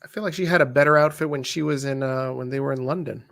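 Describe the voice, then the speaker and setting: Gravelly guy chatting casually. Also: mid-range voice, fast, no room sound, clean studio sound. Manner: joking, chatty, reacts loudly. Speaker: co-host of a wrestling watch-along. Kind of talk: casual live commentary chat.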